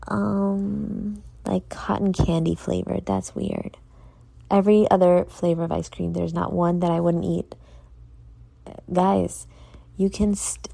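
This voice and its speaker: A woman's voice: fairly low pitch, vocal fry, mellow, no echo. A tired, yawning woman hosting a casual solo podcast, earnestly motivating her listeners and speaking to them directly. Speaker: podcast host.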